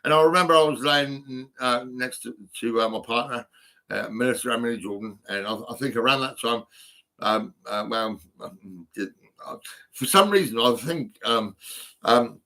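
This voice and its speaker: A man's voice: medium pitch, normal speed, pushed and bright. A man, rambling through a personal phone vlog full of ums and restarts. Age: 50s. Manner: rambling, full of ums and restarts, laughing at his own stories. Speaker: vlogger.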